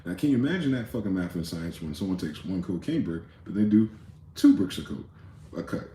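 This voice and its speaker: Deep-voiced man ranting profanely. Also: very animated, a little fast, dark tone, reverberant, slight background noise. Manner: profane, rambling, conspiratorial. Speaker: host. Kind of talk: late-night monologue.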